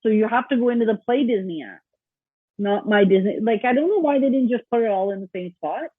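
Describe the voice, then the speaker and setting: A woman's voice: a little high, expressive, fast talker, husky, no room sound. Chatty woman on a tinny line. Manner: chatty, laughs often, acts out quoted voices. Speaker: podcast co-host. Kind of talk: casual chat. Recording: tinny phone-like remote line.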